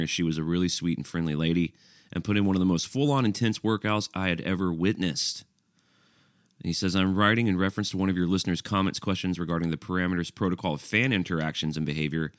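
A man's voice: low-pitched, fairly even intonation, fast, no echo. A man hosting a podcast, reading listener emails aloud in a dry, wry way. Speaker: podcast host.

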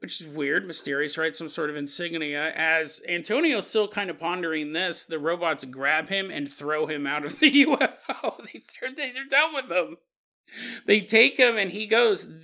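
A male podcast host tells an odd tale with jokey asides and frequent chuckles. His voice sits high and bright with a gravelly edge. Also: unhurried. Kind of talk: comedic paranormal storytelling.

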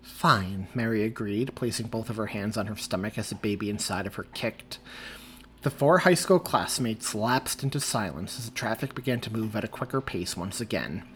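A man's voice: on the low side, normal speed, a little hiss or hum. A man, the author, reading his own story aloud as audiobook narration. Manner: expressive reading.

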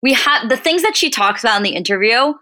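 A woman's voice: a little high, lively intonation, sharp tone. A young woman co-hosting a podcast, chatting enthusiastically, laughing easily and saying "like" often. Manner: enthusiastic, quick to laugh, uses "like" a lot. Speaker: podcast co-host. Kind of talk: casual chat.

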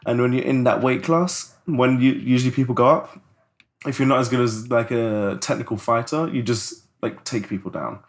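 A man talks in a loose, rambling way on a casual podcast. His voice sits at an ordinary middle pitch, and he leans on "like" again and again as he goes. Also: steady tone, moderate pace. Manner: loose, rambling, heavy use of "like". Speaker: podcast co-host. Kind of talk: casual chat.

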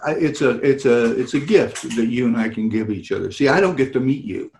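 A celebrity hosting fan meet-and-greets chats with a fan over video call, telling animated anecdotes with frequent laughter and acted-out voices. His voice is mid-range, a little fast and marked by vocal fry. The sound is roomy, with slight background noise.

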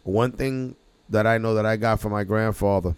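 A man's voice: lowish voice, fairly even intonation, normal speed, darkish tone, clean tone, dry recording. A man hosting a casual podcast chat, rambling with many restarts and chuckles. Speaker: podcast host.

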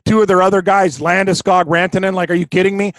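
Man, Canadian accent, betting podcast co-host, emphatic, high voice, dry room. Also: level tone, quick pace, dry recording. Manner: confident, emphatic picks talk. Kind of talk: casual sports betting chat.

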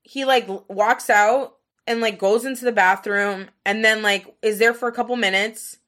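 A woman's voice: a little high, fairly even intonation, normal speed, fairly bright tone. A young woman hosting a podcast, telling a story in casual, frank, profane talk full of filler words. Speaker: podcast host.

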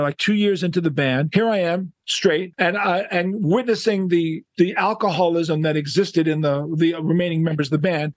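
An older man from the United States tells a long personal story as a podcast guest, bringing the quoted lines to life in a lively way. His voice sits fairly high for a man, and the recording is dry and close, with little room sound. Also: no room sound. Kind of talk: casual storytelling interview.

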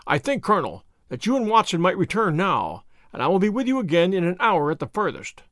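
A man reading the part of a sharp, cool male detective with a curt, commanding manner. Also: sits high, huge pitch swings, fairly quick, dry recording, clean studio sound, heavily acted.

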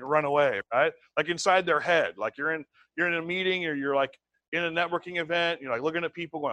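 Lively man giving a sales seminar. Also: fairly high pitch, quick pace, no room sound. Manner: energetic, acts out voices and whispers. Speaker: sales trainer. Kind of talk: motivational seminar talk.

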